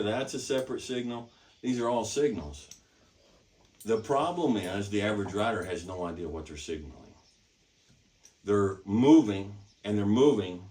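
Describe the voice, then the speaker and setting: Man instructor, lowish voice, emphatic and repetitive, recorded from a distance. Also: darkish tone. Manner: emphatic, repetitive, checks in with "okay?". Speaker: horsemanship instructor. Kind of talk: teaching demonstration. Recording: distant mic.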